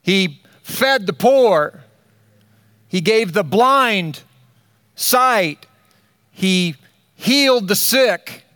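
An older man preaching a sermon, slow and emphatic, with dramatic pauses between phrases. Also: high voice, expressive, a bit bright, no echo, clean studio sound. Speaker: pastor.

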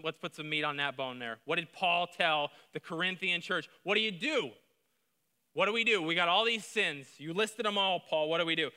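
Bright-voiced preacher in a reverberant hall. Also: male voice, on the high side, smooth. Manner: emphatic preaching, swings from quiet to loud. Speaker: pastor. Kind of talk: sermon.

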